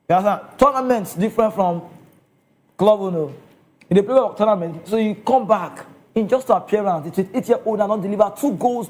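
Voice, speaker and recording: High-voiced Nigerian man talking football. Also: a little mellow. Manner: chatty, checks in with listeners often. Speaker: football commentator. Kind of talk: casual football commentary.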